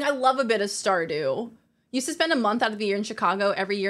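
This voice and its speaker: A woman's voice: a little high, quick pace, fairly bright tone. Chatty, laughing woman streamer. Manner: chatty, laughs often, reads chat aloud. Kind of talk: casual chat with viewers.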